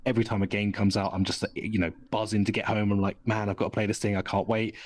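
A man hosting a podcast, chatting casually and enthusiastically in long excited runs. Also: lowish voice, fast talker. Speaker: podcast host. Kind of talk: casual chat.

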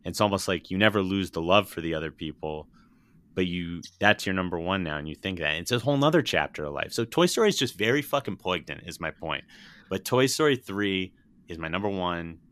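A man's voice: low voice, lively intonation, brisk, a bit bright. A young man chatting casually about films on a podcast, rambling and emotional, cursing freely. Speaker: podcast co-host.

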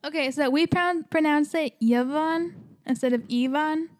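A woman's voice: high-pitched, fairly quick. A woman co-hosting a casual podcast chat, teasing and laughing often.

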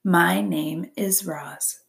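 A woman's voice: fairly low pitch, creaky, full character voice. Roz, a stiff polite robot voiced by a woman. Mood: formal. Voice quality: stiff, formal, measured. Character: polite, literal female robot, stiff and formal. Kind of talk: storybook reading.

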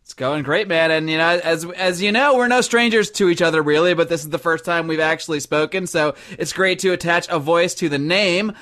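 A man's voice: on the high side, brisk, hardly any pauses, sharp tone. A man hosting a podcast interview, reading sponsor spots with upbeat emphasis before talking with his guest. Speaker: podcast host.

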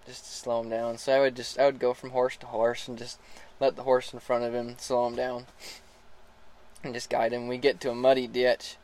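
A relaxed man spins a casual story about working a young horse. His voice sits at an ordinary middle pitch, and he chuckles now and then and trips over his own sentences. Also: normal speed, low-quality recording. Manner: relaxed, laughs often, restarts sentences. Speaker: horse rider starting a young colt.

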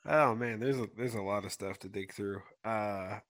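A man's voice: on the low side, normal speed, a bit bright, no echo. A man co-hosting a casual chat, laid-back and hesitant as he starts a story. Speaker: podcast co-host.

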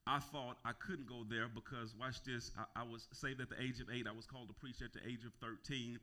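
A male pastor preaching a sermon, calling for responses and repeating phrases as he builds to shouting. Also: mid-range voice, fairly even intonation, fairly quick. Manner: repeats words and restarts phrases.

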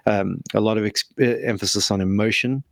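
A man's voice: on the low side, fairly even intonation, a little fast, vocal fry, no room sound. A man in a casual theological discussion, explaining terms thoughtfully and often restarting his sentences.

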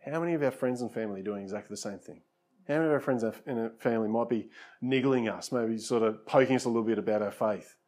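A man's voice: medium pitch, fast, a little mellow. A man preaching a conversational sermon as pastor, often saying "you know" and repeating words, then leading a prayer.

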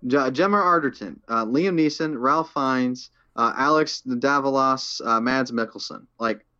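A young man co-hosting a casual movie chat in an eager, tumbling way, often restarting his sentences and laughing easily. His voice sits at an ordinary middle pitch. The recording has a dull, slightly lo-fi quality. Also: unhurried, sharp tone, clean tone. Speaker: podcast co-host.

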